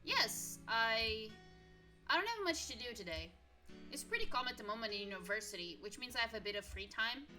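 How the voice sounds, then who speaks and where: A woman's voice: fairly high pitch, sing-song, fairly quick, faint music behind. A woman voicing a chatty young best friend. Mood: helpful. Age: 20s. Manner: warm, chatty, apologetic.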